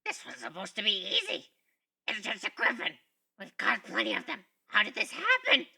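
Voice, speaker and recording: A cowardly dog-creature leader whines in a high, strained voice that climbs and dips. A man reading a fan story puts him on, with a raspy, breathy edge and a harsh brightness on top. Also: huge pitch swings, moderate pace, full character voice. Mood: panicked. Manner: whiny.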